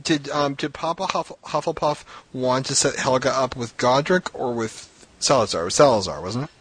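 A man chatting casually on a fan discussion podcast, joking with wry asides and a slightly husky voice. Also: medium pitch, moderate pace, fairly bright tone. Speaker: podcast co-host.

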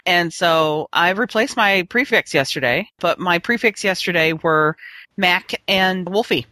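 A woman's voice: fairly low pitch, a little slow, bright, forceful tone, no room sound. A woman in a casual group podcast chat, telling stories with quoted asides. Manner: chatty, storytelling with quoted asides.

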